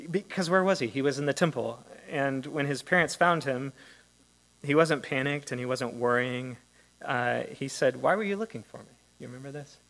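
A man's voice: medium pitch, fairly bright tone, low-quality recording. A man preaching a sermon in a conversational, reflective way, often asking his listeners questions. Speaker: pastor.

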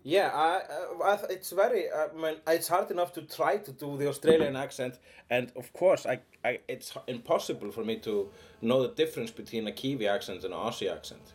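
A man's voice: medium pitch, a little fast, hardly any pauses. A man from Iceland in casual chat, playful and trying silly impressions.

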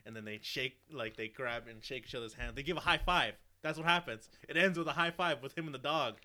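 A man in casual chat, animated and laughing, acting out silly movie scenes. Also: mid-range voice, brisk.

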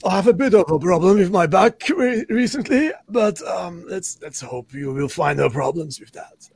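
A man improvising a hesitant patient with back trouble, speaking in a halting way. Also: high voice, expressive, a little mellow, slightly rough, exaggerated voice. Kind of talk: improv scene.

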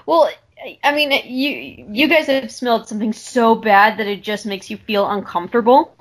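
A woman with a slightly high voice chats casually on a podcast, recorded over a video call. She thinks aloud as she goes and laughs easily. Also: moderate pace. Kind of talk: casual chat.

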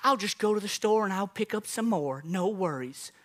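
A man's voice: high-pitched, animated, normal speed, fairly bright tone. A male preacher voicing a sweet, generous elderly neighbor woman with a kindly, doting drawl.

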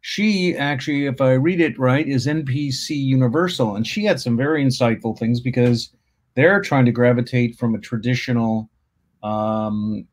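A man guest on a podcast, explaining things casually with hesitant restarts. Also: medium pitch. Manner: explanatory, many fillers and restarts.

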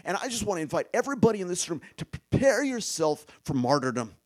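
Animated man preaching with rising emphasis. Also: high voice, fast talker. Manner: emphatic, with rhetorical questions and sudden drops to a hush. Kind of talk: sermon.

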